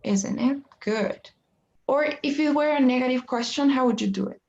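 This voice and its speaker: Woman, English tutor, slightly high pitch, gravelly fry, dull lo-fi call audio. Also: darkish tone. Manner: patient, slow explanations with restarts. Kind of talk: one-on-one online lesson.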